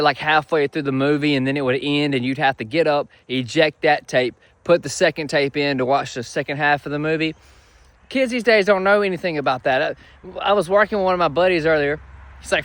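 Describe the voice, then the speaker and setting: A man's voice: a little high, no room sound. Crude young man joking, close and dry. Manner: crude, brash, with loud punchlines. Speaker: comedian. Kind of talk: stand-up style comedy monologue.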